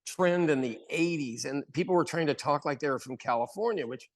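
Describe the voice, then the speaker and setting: An American man co-hosting a podcast, chatting casually and telling stories with animated acted-out quotes. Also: fairly high pitch, fairly quick. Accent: General American. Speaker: podcast co-host. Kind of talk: casual chat.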